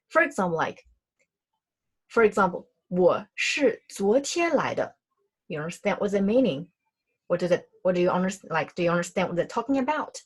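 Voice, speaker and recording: A woman's voice: mid-range voice, a little mellow, husky. A young woman whose first language is Mandarin teaches a Chinese grammar lesson in Chinese and English, often rephrasing her points and putting questions to her learners. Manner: explanatory, repeats and rephrases, asks learners questions.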